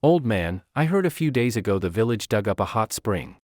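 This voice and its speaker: Guy reading as a bratty young noble man, haughty and shouty, bouncy pitch. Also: very animated, fairly quick, dry recording, clean studio sound. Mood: arrogant. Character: arrogant hot-tempered young noble man.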